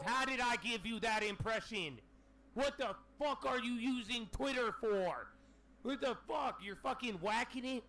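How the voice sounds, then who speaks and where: A man hosting a casual livestream, ranting in an animated, profane way with lots of slang. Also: extremely high pitch, normal speed, slight background noise. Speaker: livestream host.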